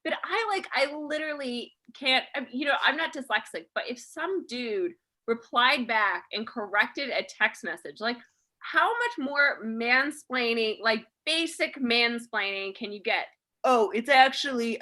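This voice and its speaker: A woman's voice: a little high, measured pace, pushed and bright, rough recording. A woman hosting a comedy podcast, reading out a listener's letter and then ranting sarcastically about it. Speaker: podcast host. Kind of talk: casual comedy podcast chat.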